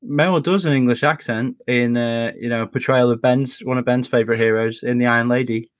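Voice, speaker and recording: A man's voice: mid-range voice, steady tone, brisk, dry recording. A man hosting a podcast in casual chat, with a dry, teasing manner. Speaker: podcast host.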